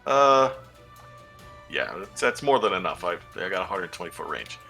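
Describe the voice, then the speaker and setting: A man's voice: sits low, very animated, normal speed, creaky, bright, forceful tone, soft background music. A man playing a tabletop game, thinking aloud and hesitating as he plans his moves. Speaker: player. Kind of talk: casual tabletop game play.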